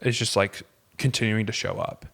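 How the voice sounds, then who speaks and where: A man's voice: lowish voice, fairly even intonation, moderate pace, vocal fry, fairly bright tone, slightly rough. A man, a pastor, talking earnestly in casual conversation, with many fillers and restarts.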